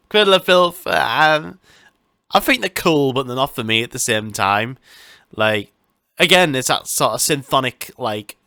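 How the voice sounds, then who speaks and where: A man's voice: medium pitch, bright, forceful tone, no echo, studio quality. A man hosting his own podcast, talking in a rambling, casual way with lots of swearing, fillers and restarts. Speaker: podcast host. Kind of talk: casual solo chat.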